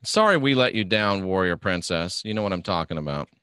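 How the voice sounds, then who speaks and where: A man's voice: low voice, lively intonation, fairly quick, sharp tone, clean tone, no room sound. Offhand, rambling middle-aged man, dry sound. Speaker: livestream host reading viewer comments. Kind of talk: casual live-stream chat.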